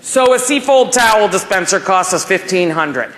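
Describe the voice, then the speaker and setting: A woman's voice: medium pitch, lively intonation, normal speed, a crowd in the background, noisy background. A woman in her forties giving a motivational keynote at a professional conference, telling stories and acting out dialogue. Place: conference hall stage.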